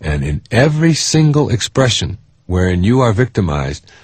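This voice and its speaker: A man's voice: lowish voice, big pitch swings, moderate pace, breathy edge, no room sound, clean studio sound. A middle-aged man giving a recorded self-help lecture, earnest and emphatic, building his points through repetition.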